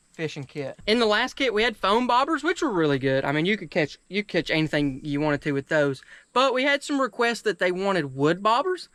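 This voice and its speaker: A high-pitched man with a drawl talks to the camera outdoors beside a pond. He chats casually through a fishing vlog and turns gushing and excitable whenever something surprises him. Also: no room sound. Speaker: vlogger.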